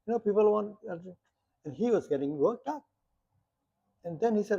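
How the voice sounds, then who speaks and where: The muffled, lo-fi recording carries a high-pitched, animated male voice, creaky and dark with a breathy edge, at a normal speed. He teaches a meditation class in plain terms, leaning on rhetorical questions and little stories.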